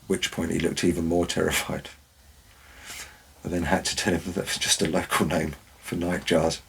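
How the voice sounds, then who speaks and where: A man's voice: sits low, little pitch movement, normal speed, vocal fry, fairly bright tone, a little hiss or hum, low-quality recording. A man, a former forest warden, tells wry anecdotes in a dry, storytelling way. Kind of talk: storytelling narration.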